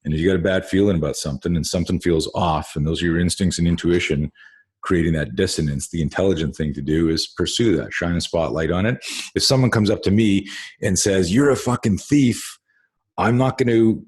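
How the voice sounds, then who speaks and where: Husky low-voiced man telling rambling stories. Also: fairly quick. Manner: rambling storytelling with many restarts and swearing. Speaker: host. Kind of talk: casual conversation.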